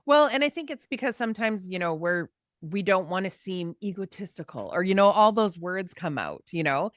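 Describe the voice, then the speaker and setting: A woman hosting a casual podcast conversation, telling stories in an animated way and acting out quotes in playful voices. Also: lowish voice, normal speed, dry recording, clean studio sound. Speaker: host.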